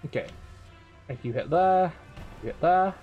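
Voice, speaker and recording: A man's voice: sits high, lively intonation, unhurried, slightly rough, narrow, tinny audio, soft background music. A man streaming a game live, swearing often, laughing and teasing his chat. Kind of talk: live gameplay commentary.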